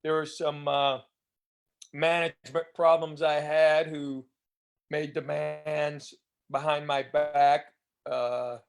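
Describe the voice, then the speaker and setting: Southern man, slightly high voice. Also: flat delivery, takes it slowly. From East Tennessee, US. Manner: chatty anecdotes with restarts, enunciated drawl. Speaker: guest comedian. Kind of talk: casual storytelling interview.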